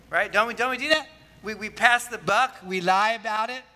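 A man preaching a sermon with a high, bright, forceful voice. He keeps it conversational, tossing questions out to the congregation. A long reverb from a big hall trails every phrase. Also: moderate pace. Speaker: pastor.

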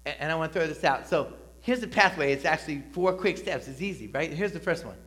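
A middle-aged man preaching in a church, his voice sitting a little above the usual male pitch. He talks to the room in a relaxed, conversational way, pushing key words up with emphasis and tossing in quick "right?" checks. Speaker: pastor. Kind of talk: sermon. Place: church sanctuary.

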